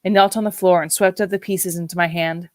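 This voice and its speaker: A woman narrating a novel as an audiobook in a measured, reflective way. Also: lowish voice, steady tone, darkish tone, no echo. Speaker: audiobook reader.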